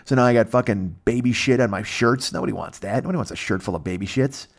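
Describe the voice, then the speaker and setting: Fast-talking gravelly man ranting. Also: medium pitch. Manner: profane, tangential storytelling. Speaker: podcast host. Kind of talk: rambling comic monologue. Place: temporary setup away from home.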